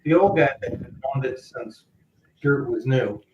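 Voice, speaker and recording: A man's voice: mid-range voice, animated, unhurried, reverberant, noisy background. Wisecracking man on a distant, muffled mic. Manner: wisecracking, dry quips. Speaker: co-host. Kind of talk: casual chat.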